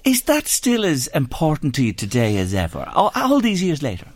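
A man's voice: on the high side, huge pitch swings, brisk, dry recording. A man hosting a radio show, effusively praising his guest and asking questions. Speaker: radio host. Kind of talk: radio interview.

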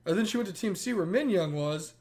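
A man co-hosting a casual chat, retelling a TV episode with lively acted-out quotes. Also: high-pitched, quick pace, a crowd in the background. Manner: animated retelling, acts out quotes in a raised voice. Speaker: podcast co-host. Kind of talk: casual chat recapping a TV show.

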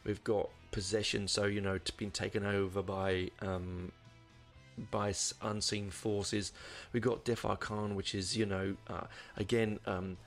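A man's voice: fairly low pitch, little pitch movement, a little slow, faint music behind. A man giving a casual album review, rambling and hesitant, with lots of ums and restarts. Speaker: music reviewer.

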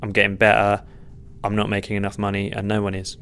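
Young man, gravelly, resonant, rambling, self-deprecating, interview guest. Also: on the low side, monotone, quick pace, a bit bright. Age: young adult. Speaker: stand-up comedian, podcast guest. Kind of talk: earnest conversational interview.

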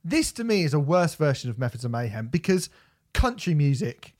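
A man's voice: a little high, big pitch swings, fairly quick, darkish tone. A man, ranting and swearing as a podcast co-host in a casual album review.

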